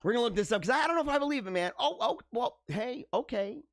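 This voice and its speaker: A man hosting a live stream, chatting casually with viewers in a joking, animated way, laughing often and stumbling over his words. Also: very high voice, quick pace, dry recording, studio quality. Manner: animated, joking, frequent laughs and stammered restarts.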